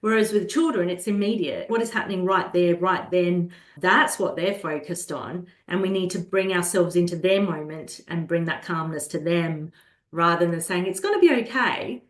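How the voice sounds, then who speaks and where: A woman guest speaking calmly and earnestly in a conversational interview about caring for children. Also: lowish voice. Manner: calm, earnest, slows down when acting out soothing a child. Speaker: guest, children's holistic health practitioner. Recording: roomy echo.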